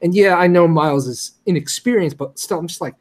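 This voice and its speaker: A man on a podcast panel, giving his opinion on a film in long animated runs. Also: fairly high pitch, fairly quick. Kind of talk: casual movie discussion.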